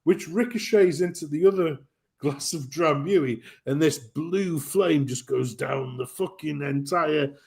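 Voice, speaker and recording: A man co-hosting a stream, telling a pub anecdote in a casual, animated way with frequent swearing and laughter. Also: a little high, a little slow, creaky, slight background noise. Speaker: stream co-host. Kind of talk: casual storytelling.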